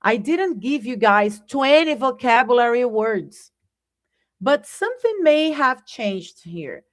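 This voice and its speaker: A woman teaching a live online English lesson, speaking deliberately and often checking in with "right?". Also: on the high side.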